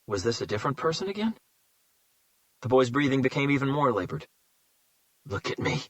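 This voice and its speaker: Man, audiobook narrator, measured, tense, dry studio sound. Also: mid-range voice, a bit bright, no echo, low-quality recording. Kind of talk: scripted narration.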